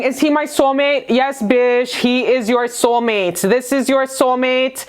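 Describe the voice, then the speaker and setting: A woman's voice: high voice, steady tone, unhurried, clear, resonant tone. A woman giving a casual tarot reading to camera, gushing and affectionate, full of profanity and slang. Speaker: tarot reader.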